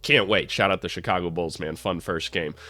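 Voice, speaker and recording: A man who hosts a basketball channel, talking casually and jokingly about games in a hoarse, sick voice, cursing freely. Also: sits low, a little fast, bright, forceful tone, soft background music. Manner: joking, profane, self-deprecating. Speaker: basketball commentary channel host. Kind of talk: casual sports commentary.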